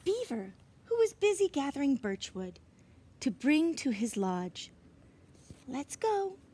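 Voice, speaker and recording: A woman's voice: sits high, unhurried, slight background noise. Woman reading a storybook aloud outdoors. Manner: gentle and expressive, drops to whispered asides. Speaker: reader. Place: outdoors in winter. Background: birds chirping.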